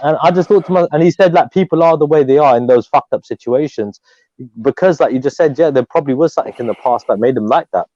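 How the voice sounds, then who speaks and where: 落ち着いた声のイギリス英語の男性、乾いたこもり気味の音. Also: male voice, a little high, fast, warm tone, no room sound, muffled recording. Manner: swears freely, frequent tag questions. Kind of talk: casual live stream chat.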